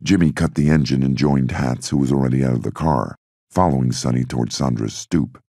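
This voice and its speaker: Male audiobook narrator: steady reading, extremely low and raspy. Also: a little fast, no room sound, studio quality.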